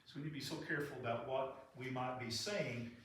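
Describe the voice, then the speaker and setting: A man's voice: mid-range voice, fairly even intonation, quick pace, a bit bright, a little hiss or hum. A man preaching a sermon in a church in an earnest, conversational way. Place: church sanctuary. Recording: echoey hall from far off.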